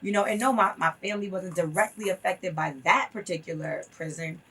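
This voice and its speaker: Woman guest, husky and a touch high, emphatic storyteller, somewhat off-mic. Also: brisk, pushed and bright, far from the mic. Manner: emphatic, storytelling with acted quotes. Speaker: interview guest. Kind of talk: casual interview talk.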